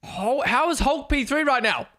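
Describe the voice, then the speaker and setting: At a moderate pace and with a very high-pitched voice, a young man hosts a live race watchalong stream. He chats casually and excitably, swearing as he thinks out loud.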